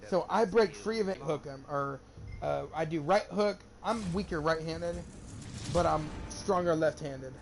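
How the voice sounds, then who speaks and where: A man's voice: a little high, measured pace, gravelly. A young man streaming a game, telling a rambling, profane story in casual chat. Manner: rambling, profane, animated when quoting. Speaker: gamer streamer. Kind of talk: casual storytelling while gaming.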